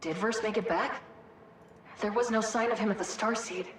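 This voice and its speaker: An actress voicing a concerned woman in a sci-fi video game, speaking quietly. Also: mid-range voice, steady tone, normal speed, slight background noise, lightly acted. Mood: worried. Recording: echoey, distant game audio.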